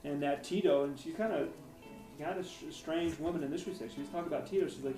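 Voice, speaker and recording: A man with a slightly high voice talks fast as an author being interviewed, rambling and hesitating through personal anecdotes and restarting frequently. Faint music plays under a roomy, distant mic.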